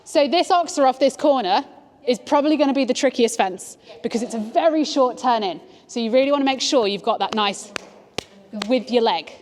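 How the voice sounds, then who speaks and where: A woman giving calm, encouraging instructions as a riding coach. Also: sits high, fairly quick, a little hiss or hum. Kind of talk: coaching a rider. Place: outdoor riding arena.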